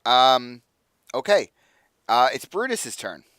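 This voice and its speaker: A man's voice: mid-range voice, very animated, slow, fairly bright tone, no room sound. A man narrating as dungeon master of a tabletop game, talking loosely with many fillers.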